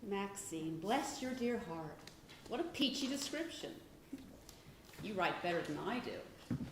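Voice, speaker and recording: A woman's voice: medium pitch, sing-song, unhurried. An actress on a stage playing a witty woman writer who reads out her wry, teasing letters. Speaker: stage actor. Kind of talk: stage play reading letters aloud. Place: theatre stage. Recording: roomy theatre, from far off, faint noise.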